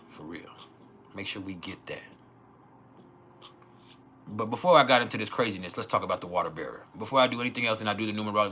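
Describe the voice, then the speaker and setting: A man's voice: deep voice, background noise. A man hosting a casual astrology livestream, joking and swearing often and laughing.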